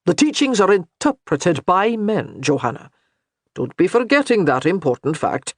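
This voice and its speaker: A man reading as a kindly old Highland priest who reassures with light humor. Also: very animated, normal speed, no room sound, clean studio sound. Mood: reassuring.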